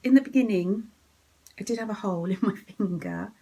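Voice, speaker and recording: A woman hosting her knitting podcast from home, chatting and giggling, often dropping into a soft whisper. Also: mid-range voice, wildly swooping pitch, fairly quick, low-quality recording. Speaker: podcast host. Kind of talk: casual chat about knitting.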